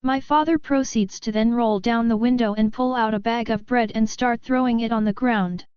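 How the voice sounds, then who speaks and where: A woman reading online stories aloud as the show's narrator, in an even, steady read-aloud delivery. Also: a little high, moderate pace, smooth, dry recording, muffled recording. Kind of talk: scripted story narration.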